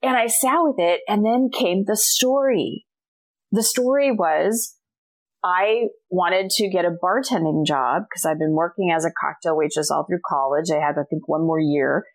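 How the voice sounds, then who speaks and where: A woman's voice: on the low side, normal speed. A middle-aged woman, a guest author, telling a personal story in a casual interview and acting out the dialogue. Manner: animated storyteller, acts out quoted dialogue.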